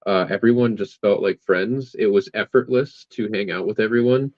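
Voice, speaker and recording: A man's voice: lowish voice, normal speed, a little mellow, no room sound, dull audio. A man, a comic creator guest, chatting casually and hesitantly, often restarting his sentences. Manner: hesitant, many fillers and restarts. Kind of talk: casual interview chat.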